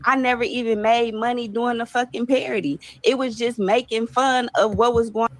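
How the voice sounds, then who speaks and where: Woman in a played clip defending herself, kinda high voice, matter-of-fact, no nonsense. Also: steady tone, moderate pace. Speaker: content creator defending herself. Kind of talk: casual explanation in a played video clip.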